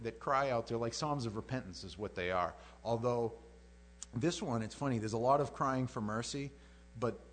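Male preacher, casual verse-by-verse teaching, very expressive pitch, dramatizes the text. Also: slight background noise. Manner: animated, acts out scripture, chuckles. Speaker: Bible teacher. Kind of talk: informal sermon, verse-by-verse teaching.

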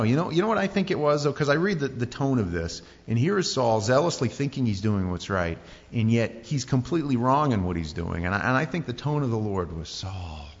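A man's voice: mid-range voice, big-room sound, dull audio. A man preaching a conversational sermon as pastor, acting out quoted voices as he tells the story.

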